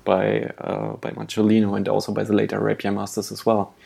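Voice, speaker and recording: A man on a podcast explaining a subject step by step, with halting restarts. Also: lowish voice, completely flat delivery, vocal fry, darkish tone. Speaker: podcast co-host. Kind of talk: casual podcast discussion.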